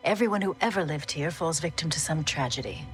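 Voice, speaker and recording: An actor giving a hushed, ominous warning. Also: mid-range voice, quick pace, natural voice. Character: ominous trailer voice warning of tragedy. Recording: film trailer over loud music. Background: loud music.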